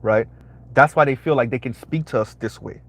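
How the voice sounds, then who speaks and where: A man's voice: mid-range voice, normal speed, fairly bright tone. A man hosting a live-streamed commentary, talking emphatically, repeating his phrases and asking "right?" again and again. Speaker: commentary channel host.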